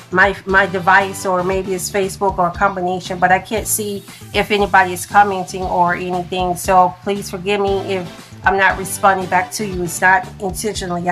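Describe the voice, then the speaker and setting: Woman host, casual phone livestream, halting delivery with restarts, soft music underneath. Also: medium pitch. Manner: halting, restarts and stumbles over words. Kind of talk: casual live talk.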